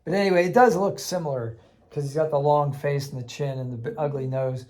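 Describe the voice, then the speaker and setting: A man casually recounting a tabletop game he ran for kids, animated and laughing, acting out the voices he quotes. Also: on the high side, fairly quick. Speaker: game master teaching kids. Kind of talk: casual anecdote storytelling.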